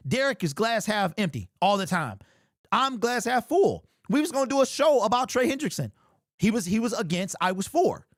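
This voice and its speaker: A high-pitched man hosts a fan sports talk stream and reads chat aloud, ranting in an animated and exasperated way. His voice is quite high for a man, and the sound is close and dry, with no room echo. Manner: animated, exasperated ranting, keeps saying "bro".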